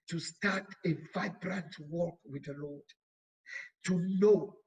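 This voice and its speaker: Slow, emphatic woman preaching. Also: fairly low pitch, breathy edge, rough recording. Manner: emphatic, repetitive exhortation; slow, deliberate delivery with stretched words. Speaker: bishop preaching. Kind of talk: sermon.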